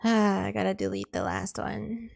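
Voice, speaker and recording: Woman streamer, casual live chat, rambling, exasperated, creaky voice. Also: medium pitch, big pitch swings, normal speed, darkish tone.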